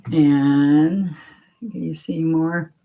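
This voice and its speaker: Slow, gravelly-voiced woman teaching painting. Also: low voice, steady tone, muffled recording. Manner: chatty, talks to herself while working, gently coaxing. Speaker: painting instructor. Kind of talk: casual step-by-step painting demo.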